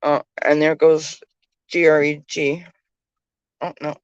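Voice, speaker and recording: A woman's voice: deep voice, little pitch movement, takes it slowly, clear, resonant tone, no room sound, dull audio. Chatty woman in a car. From Canada. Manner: chatty running commentary, many fillers. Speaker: vlogger, tarot reader. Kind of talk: casual chat while riding in a car. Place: inside a moving car.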